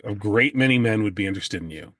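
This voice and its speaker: A man's voice: on the low side, lively intonation, quick pace, fairly bright tone, no echo, clean studio sound. A man co-hosting a podcast, chatting casually and joking. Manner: joking, teasing. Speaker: podcast co-host. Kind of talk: casual chat.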